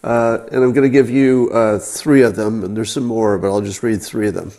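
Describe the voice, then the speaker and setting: A man's voice: fairly low pitch, fairly even intonation, normal speed, warm tone. A man hosting a casual livestream, talking straight to his viewers in a wry, incredulous way. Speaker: livestream host.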